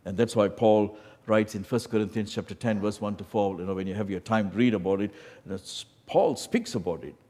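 A man preaching a sermon in a church, moving between loud emphatic lines and quiet asides, often saying "you know" and "my friend.". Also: fairly low pitch, steady tone, a little fast. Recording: long hall reverb.

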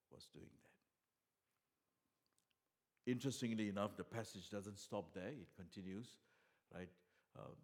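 A man preaching a sermon, earnest, with many fillers and restarts, dropping soft and then rising loud for emphasis. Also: fairly low pitch.

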